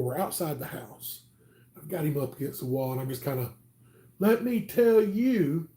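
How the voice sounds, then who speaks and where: A man's voice: mid-range voice, warm tone. A man in his forties from Alabama with a Southern US accent, telling rambling stories casually on a livestream, with lots of "um"s. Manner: rambling, chatty, many "um"s. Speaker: channel host.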